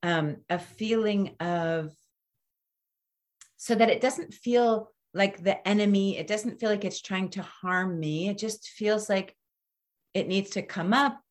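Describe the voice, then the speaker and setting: A woman in her fifties hosting a casual podcast conversation, reflective and animated, often trailing off and restarting. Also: mid-range voice, takes it slowly.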